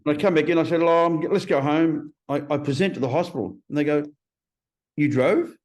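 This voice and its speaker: A man's voice: a little high, fast. Blunt, swearing man in his fifties. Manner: blunt, profane, animated storyteller. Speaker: podcast guest. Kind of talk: casual interview storytelling.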